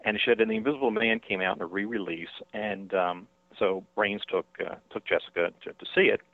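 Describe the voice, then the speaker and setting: A man, an author being interviewed by phone, talking in a halting way with many fillers and restarts. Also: fairly low pitch, sing-song, gravelly, no echo. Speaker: author and guest. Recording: tinny dry phone line.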